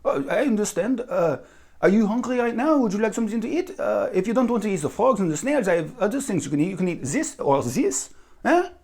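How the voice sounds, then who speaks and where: A man's voice: high-pitched, big pitch swings, a little fast, darkish tone, breathy edge, voice pushed up, heavily acted. A man putting on a smug sneering Frenchman. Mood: mocking. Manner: falsely polite, then sneering.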